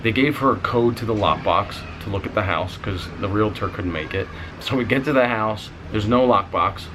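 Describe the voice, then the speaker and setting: A young man casually telling a story on his vlog, animated, swearing freely and going higher when he gets excited. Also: moderate pace, background noise. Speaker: vlogger.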